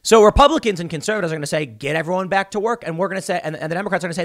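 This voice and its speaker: A man giving solo political commentary, sarcastic, mocking opponents in high put-on voices. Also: very fast, a bit bright.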